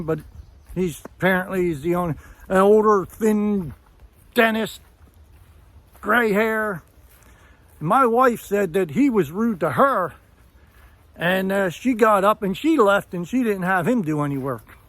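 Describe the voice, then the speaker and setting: Older New man, higher-pitched voice, blunt and profane vlog rant. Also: a bit bright, dry recording. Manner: blunt, profane, retells with quoted dialogue. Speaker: vlogger. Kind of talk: angry rant to camera.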